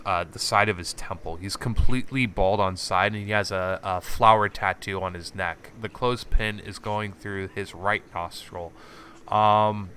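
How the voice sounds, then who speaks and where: A man's voice: lowish voice, pushed and bright, a little hiss or hum. A man narrating a tabletop game as game master, laid-back and chuckling.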